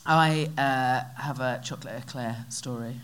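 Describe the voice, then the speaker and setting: A woman host talks on a live show with an audience, excitable and giggly as she tells a story. She swears freely and speeds up when she gets carried away. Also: rumbling low, unhurried, smooth. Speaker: podcast host. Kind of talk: live podcast chat with audience.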